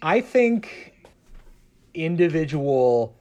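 Man, Southern-raised, slightly higher voice, hesitant, restarts often, conversational panel guest. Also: big pitch swings, extremely slow, a little mellow. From American South. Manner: hesitant, many restarts and fillers. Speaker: public radio journalist guest. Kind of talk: casual panel discussion.

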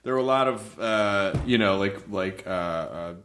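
A man's voice: lowish voice, measured pace, a bit bright, slight background noise. A man co-hosting a casual podcast who asks the guest questions and stumbles over his words in a chatty way. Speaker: podcast co-host.

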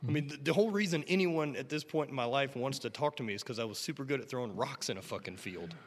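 A man's voice: mid-range voice, quick pace, in a large hall, slight background noise. A man in casual chat, telling stories with frequent laughter and swearing. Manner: profane, laughing storyteller.

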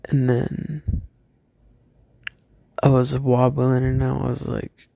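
A young man telling a personal story from his school days, hesitant and halting, often stopping and restarting. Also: mid-range voice, flat delivery, creaky, a little mellow, no room sound.

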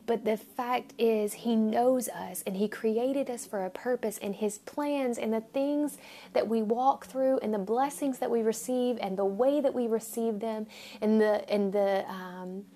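Woman, devotional talk, gravelly vocal fry, earnest, restarts often, sometimes near-whispered. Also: a little high, unhurried, dark tone. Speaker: devotional podcast speaker. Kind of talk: informal devotional teaching.

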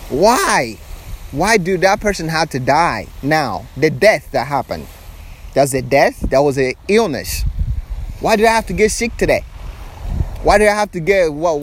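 A man's voice: a little high, slight background noise. A man giving an earnest spiritual monologue outdoors on a beach, firing off repeated rhetorical questions. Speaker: spiritual speaker.

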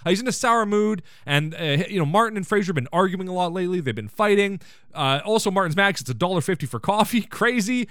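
A man's voice: high-pitched, expressive, fast talker, fairly bright tone, no echo, clean studio sound. A man hosting a podcast, recapping an episode in casual chat, enthusiastic and full of joking asides. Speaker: podcast host.

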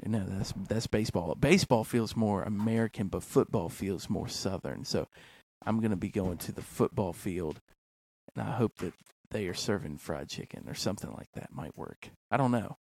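A man's voice: on the low side, moderate pace, vocal fry, a little mellow. A man hosting a podcast in casual, playful chat, full of fillers. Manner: chatty, playful, many fillers like "like". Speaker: podcast host.

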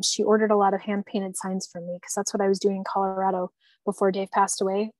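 A woman's voice: mid-range voice, no room sound. Earnest woman, close dry mic. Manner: earnest, tender, halting with restarts. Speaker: guest. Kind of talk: emotional personal conversation.

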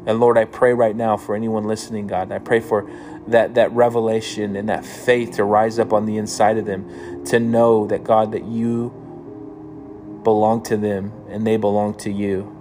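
A man's voice: on the low side, little pitch movement, moderate pace. A man reading psalms aloud and then praying fervently for listeners, like a pastor. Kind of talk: scripture reading and prayer. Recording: music playing behind the voice.

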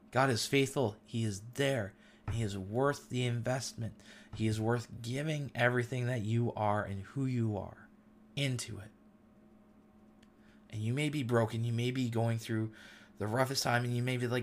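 A man's voice: medium pitch, a little slow, long pauses. A middle-aged man hosting a casual faith talk, speaking earnestly and with feeling, using loose everyday slang. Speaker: host.

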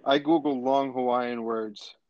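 A man's voice: medium pitch, fairly even intonation, unhurried, no room sound. Blunt swearing man, dry dull sound. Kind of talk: casual crude chat with friends.

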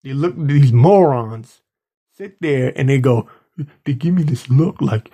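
A podcast host who works in the Washington DC area mocks his subjects in an angry, indignant rant. His mid-range voice is dark with a breathy edge, and his pace is measured.

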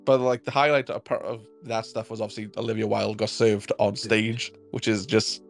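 Welsh male co-host, mid-pitched, eager and chatty, faint music behind. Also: flat delivery, normal speed, gravelly. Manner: enthusiastic, news-sharing, laughs often. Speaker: podcast co-host. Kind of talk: casual chat.

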